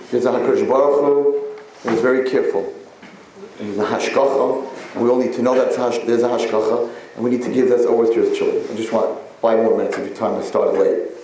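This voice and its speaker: A man giving an animated storytelling sermon to an audience, repeating his points for emphasis. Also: mid-range voice, fairly quick. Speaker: religious lecturer. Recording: very echoey room, faint noise.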